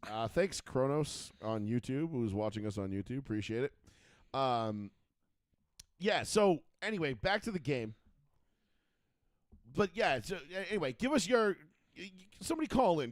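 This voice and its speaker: A man's voice: medium pitch, sing-song, moderate pace, dry recording, studio quality. A man in his thirties co-hosting a call-in sports chat show, telling rambling stories full of fillers and swearing. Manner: profane, rambling storyteller with many fillers. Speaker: radio show co-host.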